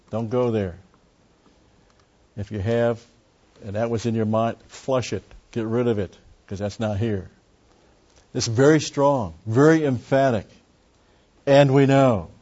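A man's voice: medium pitch, a little slow, dark tone. A man teaching a Bible study, explaining words closely and driving points home with emphatic repetition. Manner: emphatic, repeats key phrases. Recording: dull lo-fi recording.

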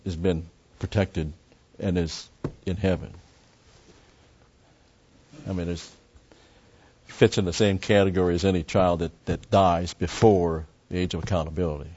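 A man's voice: low voice, a little mellow, breathy edge, lo-fi sound. A man preaching a Bible teaching sermon, explaining a passage step by step and repeating key phrases. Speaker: pastor.

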